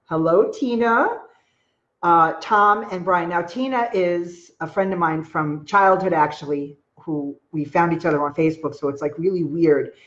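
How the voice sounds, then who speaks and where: Speaking at medium pitch and normal speed, a live-stream host with a Long Island, New York accent rambles casually to viewers, greeting them by name and using plenty of filler words. His tone is fairly bright, though the high frequencies are cut off.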